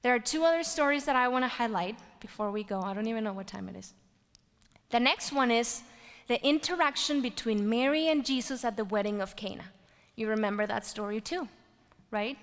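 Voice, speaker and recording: Moving briskly, a woman preaching a sermon tells stories with vivid energy in a bright, high voice. She rises to loud exclamations and sinks to whispers, and her speech echoes with a long reverb like that of a large hall.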